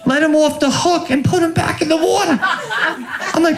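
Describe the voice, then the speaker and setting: A middle-aged man doing a stand-up set, animated and exasperated, slipping into quick impressions. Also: extremely high pitch, loud music behind the voice. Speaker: stand-up comedian. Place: club stage with a laughing audience. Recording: live stage recording with crowd laughter.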